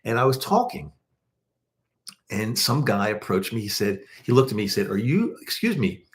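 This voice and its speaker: A podcast host from Baltimore, USA, with a matching accent, runs a casual livestream, chatting in a rambling way full of restarts and fillers. His voice is on the low side, at normal speed.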